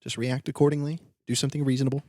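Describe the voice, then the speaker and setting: A man's voice: mid-range voice, little pitch movement, racing, darkish tone, no room sound, clean studio sound. A young man co-hosting a podcast, telling a story in casual chat and breaking into a playful ad read. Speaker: podcast co-host.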